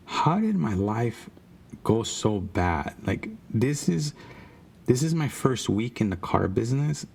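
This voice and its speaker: Gravelly low-voiced man telling a story. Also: darkish tone. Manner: rambling, profane, with frequent restarts. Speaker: car salesman telling his own stories. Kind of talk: casual personal storytelling.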